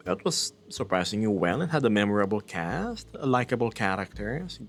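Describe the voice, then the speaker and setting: A man's voice: lowish voice, very animated, normal speed, few pauses, faint music behind. A man streaming live, reading chat messages aloud and joking about them with frequent chuckles.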